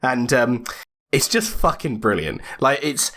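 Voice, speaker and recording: A man's voice: medium pitch, big pitch swings, measured pace, a bit bright. An English man co-hosting a podcast, chatting casually and enthusiastically, laughing often and swearing freely. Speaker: podcast co-host. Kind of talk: casual chat.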